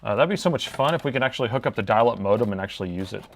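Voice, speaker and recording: A man's voice: fairly low pitch, expressive, very fast, creaky, a little hiss or hum. A man chatting casually with his live-stream viewers while he repairs a laptop, talking to himself as he works.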